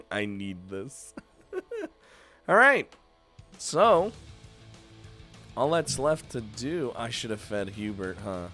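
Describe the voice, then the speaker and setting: A man giving casual game commentary with laughing, self-deprecating asides. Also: mid-range voice. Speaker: gaming commentator.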